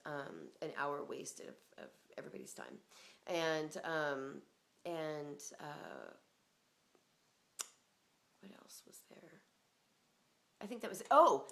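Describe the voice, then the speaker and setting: A woman's voice: low-pitched, fairly bright tone. A woman telling a personal story in a rambling, casual way, full of fillers, swearing and laughter.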